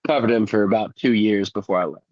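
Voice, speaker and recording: A man's voice: fairly low pitch, quick pace, a little mellow, no room sound, dull audio. A man who is sick, co-hosting a podcast and telling profane, laid-back stories in casual chat. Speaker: podcast co-host.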